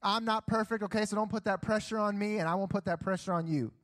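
Preacher guy, high voice, twang, keeps saying okay, lively church sermon. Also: fast. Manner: energetic, keeps asking "okay?". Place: church stage.

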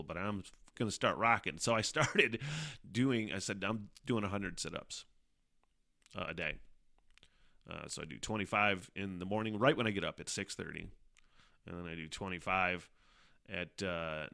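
A man's voice: sits low, vocal fry, pushed and bright. A middle-aged man hosting a podcast, rambling casually, swearing a lot and laughing often. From Northern Michigan. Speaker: podcast host. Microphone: studio microphone.

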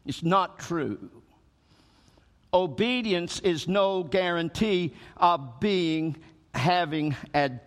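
A man preaching from the pulpit with a notably high voice. He swings from slow, stretched phrases to emphatic surges, and the sound rings with the long reverb of a large sanctuary. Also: fairly bright tone. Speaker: pastor. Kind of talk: sermon.

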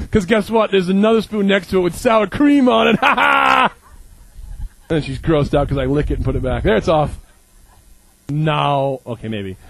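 Man, late thirties, preacher, joking, acts out little scenes, slightly high voice, dry sound. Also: darkish tone, dry recording, poor audio. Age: 30s. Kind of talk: humorous sermon.

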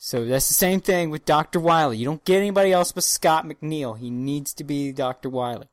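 A man's voice: fairly high pitch, brisk, no room sound. Man, podcast co-host, casual and foul-mouthed, prone to theatrical outbursts, dry close sound. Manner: profane, excitable, mock-dramatic outbursts. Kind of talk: casual chat.

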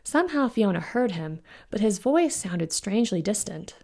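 A woman, the author, reading her own fantasy novella aloud in an even, unhurried storytelling manner. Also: mid-range voice, creaky. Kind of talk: audiobook-style fiction narration.

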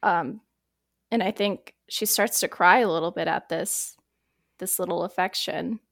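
A woman's voice: lowish voice, steady tone, unhurried, creaky. A woman playing a tabletop role-playing game who describes her character's actions in a rambling way, full of fillers. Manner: rambling, lots of fillers like "like" and "I think". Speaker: player.

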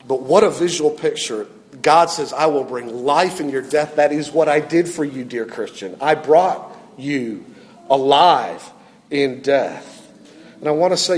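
Pastor guy preaching, kinda high voice, lots of hall reverb, gets fired up. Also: darkish tone, a little hiss or hum. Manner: emphatic, repeats questions, rising to fervor. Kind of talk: sermon.

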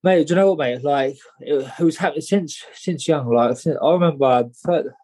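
A man telling a personal story in an interview, halting and repeating words, often saying "mate". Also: fairly high pitch, mellow. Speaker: guest.

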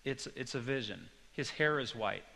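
A man preaching in a church hall, telling personal stories and turning to the audience with questions. His voice is bright and forceful at an ordinary middle pitch. A long hall reverb trails behind his words. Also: moderate pace, creaky. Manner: chatty storytelling with personal anecdotes and asides to the audience. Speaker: pastor teaching a Bible study. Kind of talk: conversational sermon.

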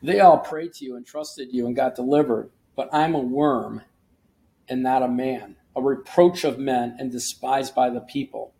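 A man's voice: medium pitch, steady tone, moderate pace, vocal fry, warm tone. A man hosting a short devotional podcast, teaching earnestly and reading scripture aloud with emphasis, often restarting his sentences. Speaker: podcast host and preacher.

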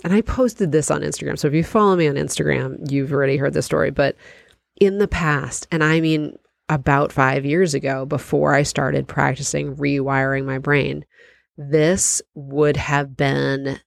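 A woman hosts her own podcast and tells a personal story in a loose, self-deprecating way, often breaking into laughter. Her voice has a gravelly, fry-touched edge. The recording is dry and close, with no room sound. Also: sits low, dry recording. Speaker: podcast host.

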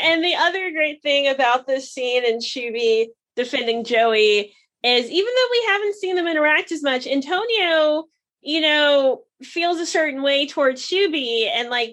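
A woman's voice: sits high, unhurried, a bit bright. A woman co-hosting a podcast, chattily recapping a show and acting out quotes with laughs. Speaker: podcast co-host. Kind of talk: casual chat recapping a show.

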